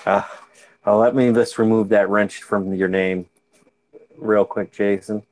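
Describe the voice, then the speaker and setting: A man's voice: lowish voice, little pitch movement, unhurried, dry recording. A tired man in laid-back chat, hosting a fishkeeping livestream from home and reading viewer comments aloud. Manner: laid-back, drawling, jokey. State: tired, yawning. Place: home, during a video-call livestream. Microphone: computer mic.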